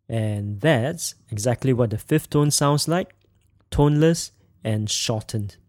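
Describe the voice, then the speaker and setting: A man teaching a podcast language lesson, speaking slowly and clearly as he demonstrates tones. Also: medium pitch, a little mellow, no room sound, studio quality.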